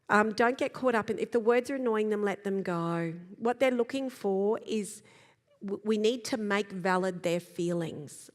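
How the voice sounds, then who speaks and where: Calm woman in a reverberant hall. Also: medium pitch. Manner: calm, gentle, demonstrates slow breaths and sighs aloud. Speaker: parenting speaker. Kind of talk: presentation to a live audience. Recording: long reverb of a large hall.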